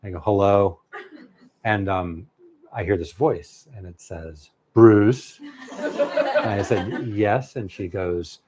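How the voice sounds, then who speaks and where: Animated halting man telling a story. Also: sits low, husky. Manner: animated, halting, many fillers and restarts. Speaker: novelist guest. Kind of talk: casual storytelling conversation.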